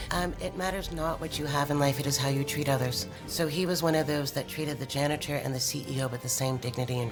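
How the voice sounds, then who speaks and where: A woman who once did laundry and tended bar, answering a street interview in a frank, chatty way. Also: sits low. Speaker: local former laundry worker and bartender.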